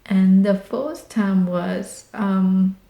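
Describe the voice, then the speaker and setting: A woman with tells a family story as a vlog, excited and animated, piling on dramatic exclamations. Her voice sounds warm and mellow. It echoes in a roomy space. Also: mid-range voice, drawn-out words, vocal fry. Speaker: vlogger. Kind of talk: casual storytelling. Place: home in rural Texas.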